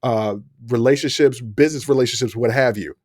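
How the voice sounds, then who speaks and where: A man's voice: medium pitch, fairly quick, darkish tone, no echo, studio quality. A man hosting a podcast, talking frankly and laughing often in casual chat. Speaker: podcast host.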